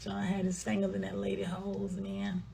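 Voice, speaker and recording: A woman's voice: mid-range voice, completely flat delivery, gravelly, warm tone, a little hiss or hum. Woman telling a steamy story. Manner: dramatic, drawn-out retelling with quoted dialogue, dropping to a murmur for characters. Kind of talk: casual storytime narration.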